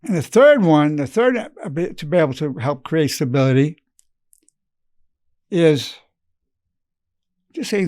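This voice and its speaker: A man in his eighties, a psychologist, giving an earnest, measured lesson and softly acting out loving phrases. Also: on the high side, lively intonation, no echo, studio quality. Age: 80s. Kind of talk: unscripted advice talk.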